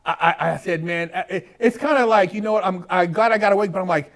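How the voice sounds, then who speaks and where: A man with a high voice talks as a guest in a casual conversation. His stories are animated and full of swearing. He jumps into other people's lines as he tells them. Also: fast. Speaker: podcast guest.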